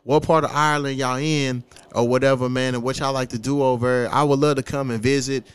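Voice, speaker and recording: Profane, animated man hosting. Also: medium pitch, fairly quick, clean tone. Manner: profane, animated, laughing often. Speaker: podcast host. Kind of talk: casual podcast chat.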